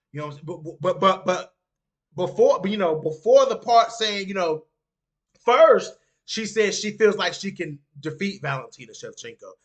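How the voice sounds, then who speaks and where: A man on a live stream with a high, bright, ringing voice. He talks casually and animatedly to his viewers. He drops into low asides and then jumps up into loud outbursts. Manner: leans on "you know what I'm saying" as a constant filler. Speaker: streamer reading live chat. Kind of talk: casual talk on a live stream about mixed martial arts.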